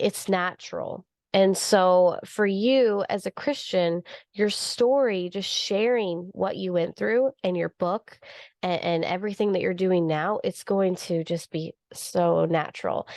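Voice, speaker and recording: A woman's voice: on the low side, dry recording, clean studio sound. A woman hosting a podcast, speaking earnestly and encouragingly in a casual faith-based chat, with many "like" fillers. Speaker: podcast host.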